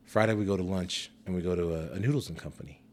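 A young man with a lowish voice tells a rambling work story on a podcast, swearing freely. He talks casually and keeps breaking into laughter as he goes. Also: fast talker, a little mellow, slight background noise. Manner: profane, storytelling, prone to laughing fits. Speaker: podcast host. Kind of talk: casual chat.

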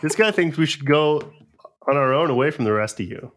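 A man's voice: on the high side, animated, a little fast, a bit bright, voice pushed up. A man voicing an easygoing survivor with a dry, teasing manner in a tabletop roleplay. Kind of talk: actual-play roleplay.

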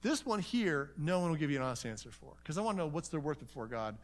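Speaking fast in a voice on the high side, a man teaches a conference seminar conversationally. He tells animated stories, acts out conversations, and takes many asides.

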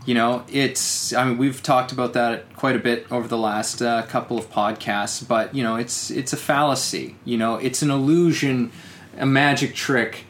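A man's voice: medium pitch, steady tone, normal speed, a bit bright, slight background noise. A man co-hosting a podcast, musing in casual chat with many restarts and "you know"s. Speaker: podcast co-host.

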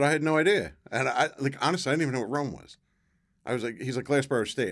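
A middle-aged man, a former football player, telling his story as a guest in a casual interview, acting out quoted voices with bursts of excitement. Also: mid-range voice, quick pace.

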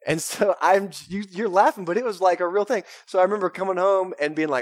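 A young man, preaching a sermon in a casual, energetic way with lots of "right?" and "man". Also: sits high, fast talker, slight background noise. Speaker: pastor. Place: church sanctuary.

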